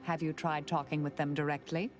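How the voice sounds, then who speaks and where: A woman voicing a calm, formal female factory owner in a video game. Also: deep voice, a little hiss or hum, lightly acted. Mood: measured. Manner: formal, measured. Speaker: game character. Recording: game audio with music underneath.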